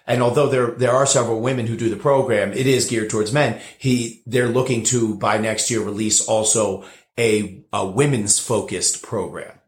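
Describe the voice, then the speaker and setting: A man's voice: on the low side, fairly even intonation, moderate pace. A man, a bartender guest on a podcast, telling a long story in a rambling way with many fillers and restarts. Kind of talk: casual interview storytelling. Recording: roomy echo.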